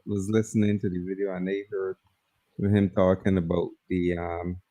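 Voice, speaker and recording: A man co-hosting a live stream, chatting casually in a calm, explanatory way and agreeing often. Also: deep voice, normal speed, no room sound. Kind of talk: casual chat reacting to a video.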